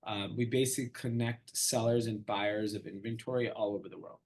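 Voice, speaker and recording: A man's voice: fairly low pitch, a little fast. A middle-aged man, an entrepreneur guest in an interview, telling a story casually and acting out the dialogue. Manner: animated storyteller, acts out quoted dialogue.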